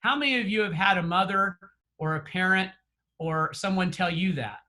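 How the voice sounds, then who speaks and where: A man's voice: high-pitched, moderate pace, pushed and bright. A man giving earnest, encouraging closing remarks as a real estate trainer over a video call, with frequent fillers and restarts.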